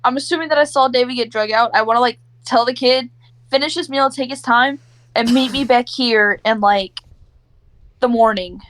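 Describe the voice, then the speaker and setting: Higher-voiced female tabletop player. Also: normal speed, fairly bright tone, a little hiss or hum. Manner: careful, asks questions before acting. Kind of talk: casual tabletop game play.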